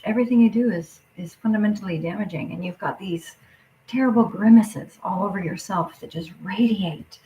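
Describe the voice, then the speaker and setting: A woman's voice: mid-range voice, a little fast, dark tone, a little hiss or hum, poor audio. Swearing woman ranting in whispers. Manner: swears constantly, drops into muttered whispers. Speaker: livestreamer. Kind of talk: angry profane rant.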